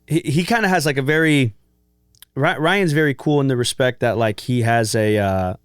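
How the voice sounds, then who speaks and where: A man's voice: medium pitch, normal speed, clean tone, no echo, studio quality. A man hosting a casual podcast interview, asking eager questions full of "like" and restarts. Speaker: podcast host.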